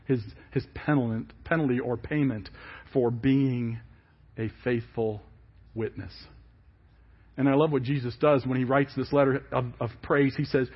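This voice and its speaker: A man preaching a sermon, emphatic and falling quiet at the ends of phrases. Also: mid-range voice, slightly rough. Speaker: pastor. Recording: dull lo-fi church service audio.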